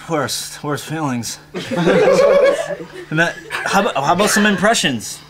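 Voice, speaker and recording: Male stand-up comedian, halting deadpan, restarts, lively swinging pitch, loud background noise. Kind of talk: live stand-up set. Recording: loud noisy live recording.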